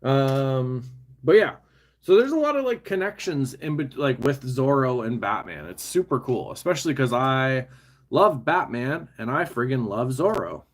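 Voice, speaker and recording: A man's voice: medium pitch, very animated, normal speed. A man talking casually as he builds a toy set, rambling, muttering to the pieces and laughing at himself. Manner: chatty, self-mocking, often laughing to himself; mutters and talks to the pieces while fiddling.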